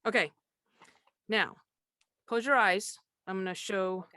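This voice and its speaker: A woman co-hosting a casual chat over a video call, running a party game in a playful, brisk way. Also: mid-range voice, pushed and bright, dry recording. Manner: playful, brisk, repeats prompts.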